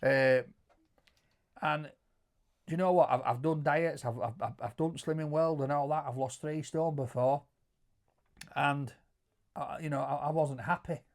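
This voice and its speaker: A middle-aged man with a Yorkshire accent telling stories in casual chat, animated, stumbling over repeated words and loudly acting out quotes. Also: on the high side, a little slow, long pauses. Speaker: co-host answering viewer questions.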